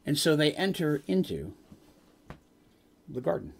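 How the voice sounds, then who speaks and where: A man's voice: on the high side, animated, moderate pace, pauses often, slight background noise. A man acting as game master, retelling a tabletop game session in dramatic narration with casual asides.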